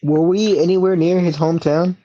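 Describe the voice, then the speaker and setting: A laid-back co-host with a dark, mellow voice who drops short comments into a casual wrestling chat. The recording sounds dull and lo-fi. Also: medium pitch, steady tone, brisk. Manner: laid-back, chuckles, brief replies. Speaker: podcast co-host.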